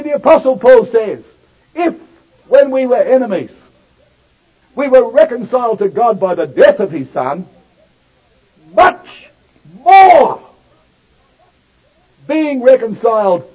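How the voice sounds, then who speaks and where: Husky man preaching a dramatic sermon. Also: very high voice, warm tone. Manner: dramatic, emphatic delivery with sudden swells and drops. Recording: dull lo-fi recording.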